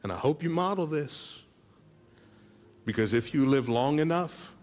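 A man preaching a sermon as a pastor, telling tender stories in a soft voice and building to loud, rallying calls to the congregation. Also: on the high side, expressive, a little slow. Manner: heartfelt storytelling that swells into loud rallying calls; drops to soft, hushed tones for tender moments. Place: large church auditorium. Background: soft background music.

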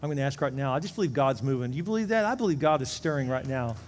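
A man preaching as a pastor, leading an altar call and prayer, swinging from emphatic peaks down to hushed, quiet pleading. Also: medium pitch, rapid-fire, faint music behind. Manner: impassioned, rises to emphatic peaks then drops to hushed prayer. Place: large church sanctuary. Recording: long reverb of a big hall, faint ambience.

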